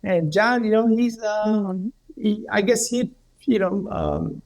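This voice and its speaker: A man's voice: takes it slowly, vocal fry, darkish tone. A man, a healer and podcast guest, telling a story in casual talk with many fillers. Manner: rambling, many fillers, acts out others' quotes in a higher voice.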